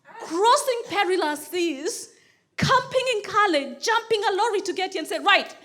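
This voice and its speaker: A woman from Kenya performing a stand-up comedy set on a club stage, animated and acting out other people's voices. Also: very high-pitched, normal speed. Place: comedy club stage before a laughing audience. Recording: live club recording with audience laughter and noise.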